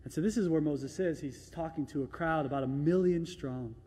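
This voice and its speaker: Pastor preaching in an echoey hall. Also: male voice, on the high side, fairly quick, a little hiss or hum. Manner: builds from quiet reflection to loud, shouted exhortation; acts out doubting listeners in a small hushed voice. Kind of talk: sermon. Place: large church hall.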